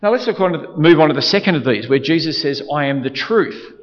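A man delivers a sermon in a fairly high voice, hammering his points home through repetition and frequent restarts. His voice carries a long reverb, as if filling a large hall, and the recording sounds a little dull. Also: animated, quick pace. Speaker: preacher.

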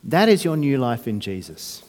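A man's voice: mid-range voice, big pitch swings, normal speed, darkish tone, big-room sound. A man preaching a sermon, talking conversationally with restarts and rhetorical questions. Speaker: pastor.

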